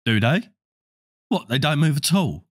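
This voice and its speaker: Storybook figure: easygoing, slightly scornful boy wizard, lively delivery, read by a male narrator. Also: on the high side, unhurried, slightly rough, dry recording, studio quality, heavily acted. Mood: offhand. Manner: casual, offhand.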